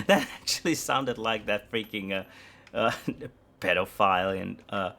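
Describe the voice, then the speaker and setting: Gravelly and sharp, this man's fairly low voice moves a little slowly as he gives live gameplay commentary. Chatting with his viewers, he rambles, hesitates, pokes fun at himself, and restarts often.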